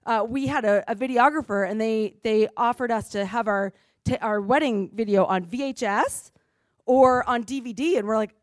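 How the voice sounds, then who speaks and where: A woman's voice: fairly high pitch, brisk, dry recording, studio quality. A woman pastor teaching a congregation in a conversational sermon, explaining things in a chatty way and often checking in with "right?".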